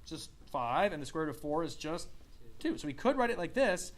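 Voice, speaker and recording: A man's voice: on the high side, very animated, a little fast. Man teaching a math class. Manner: asks the class questions and repeats answers; coughs and clears throat now and then. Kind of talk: classroom lecture.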